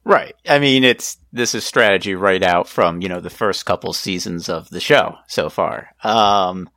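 A man hosting a casual podcast, joking and laughing easily, his voice jumping up in pitch when he jokes. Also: unhurried, pushed and bright, no echo, clean studio sound. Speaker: podcast host.

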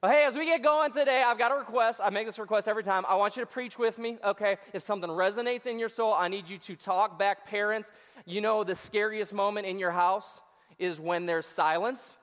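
A man with a high voice preaches in a lively, joking way, teasing the congregation and asking them to talk back. He is an associate pastor speaking to hundreds of people in a church auditorium. The sound carries a long hall echo. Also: fairly quick. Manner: joking, talks back to the crowd. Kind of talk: sermon.

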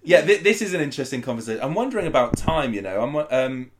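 Male host, casual, animated storyteller, acts out his own quotes. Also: mid-range voice, fast talker, a little hiss or hum. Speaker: podcast host, battle rapper. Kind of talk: casual chat.

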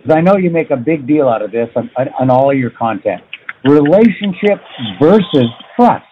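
A man's voice: fairly high pitch, lively intonation, normal speed, phone-quality sound, a little hiss or hum. A man hosting a podcast, enthusiastic and encouraging, stressing his points. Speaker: podcast host. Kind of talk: casual podcast interview.

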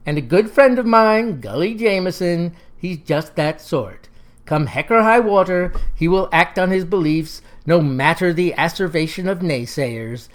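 A woman telling a comic story in a folksy voice, with homespun, mock-formal word choices. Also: fairly low pitch.

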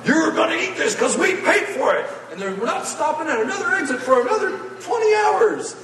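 A man voicing an exasperated mother scolding her kids over a meal, shrill and nagging. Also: big pitch swings, a little fast, far from the mic, a crowd in the background. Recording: echoey hall, voice from afar.

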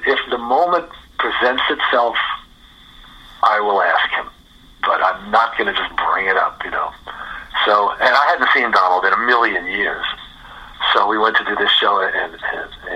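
A very bright, strongly husky older man, a guest musician on a radio show. He tells lively stories and acts out each line of dialogue, swearing freely and laughing often. His voice sits fairly low. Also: low-quality recording. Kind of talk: storytelling interview chat. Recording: radio interview recording.

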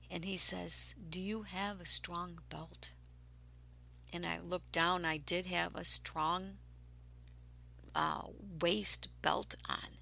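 A woman telling a personal story slowly, breathy and dropping into whispers at times, then growing animated and excited. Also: mid-range voice, slight background noise.

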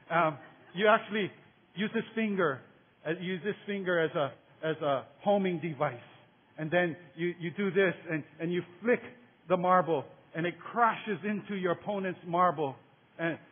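Male pastor, high-pitched, casual animated storyteller; thin phone-like recording. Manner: animated storyteller, builds to excited peaks; casual slang, repeats words. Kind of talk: sermon with storytelling. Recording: tinny phone-like sound.

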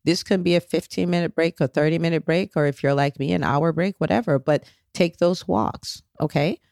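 A woman's voice: low voice, fairly quick, creaky, a little mellow, no room sound, studio quality. A woman hosting a motivational solo podcast, coaching listeners directly and checking in with frequent "okay?"s, with an encouraging, faith-based tone. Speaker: podcast host.

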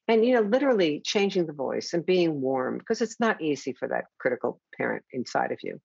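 A woman hosting a conversation, talking warmly and reassuringly about her teaching. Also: deep voice, animated, brisk, gravelly, few pauses, husky, no echo. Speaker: host and teacher. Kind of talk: conversational interview. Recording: dull lo-fi dry sound.

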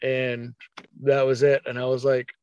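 A man telling a hunting story in a casual, animated way, acting out his own thoughts as quotes. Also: medium pitch, unhurried, smooth, no echo, lo-fi sound.

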